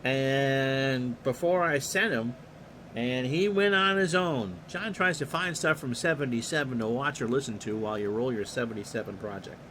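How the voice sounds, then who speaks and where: A man streaming a simulated ballgame, giving relaxed play-by-play between musing chat asides and livening up on big plays. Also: medium pitch, moderate pace, slight background noise.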